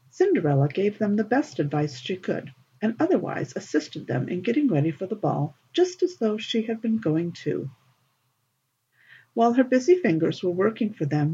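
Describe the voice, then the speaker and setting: A woman narrating a fairy tale in an expressive, lilting storybook reading, on a dull lo-fi recording. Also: mid-range voice, slightly rough.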